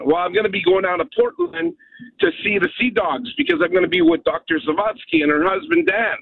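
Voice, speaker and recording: A high-voiced man from Canada rants bluntly down a tinny phone line. He hammers his points home and keeps asking "okay?" The line sounds dry and close. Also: very animated, fairly quick, creaky, husky, no room sound. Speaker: caller. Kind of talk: phone-in rant. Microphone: telephone.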